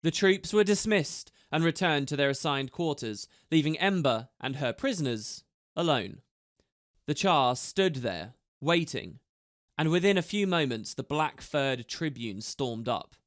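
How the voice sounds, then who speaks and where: A man narrating an audiobook in a steady storytelling manner. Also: fairly high pitch, measured pace, no room sound, studio quality.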